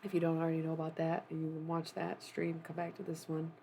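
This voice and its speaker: A streamer talking casually on a live stream, rambling through asides to the chat and retelling a story. The voice is gravelly with vocal fry and stays flat in pitch. Faint background noise hangs under the voice. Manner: rambling, offhand asides to chat, quick bursts. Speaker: streamer and self-styled necromancer.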